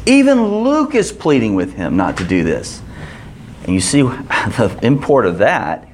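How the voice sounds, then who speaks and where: Lively man teaching a Bible class. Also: medium pitch, measured pace, a little hiss or hum. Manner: asks the group questions, many restarts.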